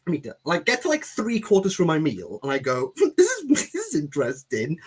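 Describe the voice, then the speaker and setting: Husky man telling a rambling story. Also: on the high side, moderate pace. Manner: animated, rambling, acts out quoted voices. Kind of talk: casual chat, comic storytelling.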